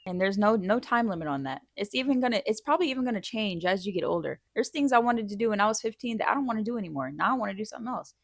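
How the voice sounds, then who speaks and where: A woman's voice: medium pitch, expressive, rapid-fire, creaky, few pauses, no echo, clean studio sound. A woman in her thirties giving blunt, frank life advice in a casual chat, answering viewer questions.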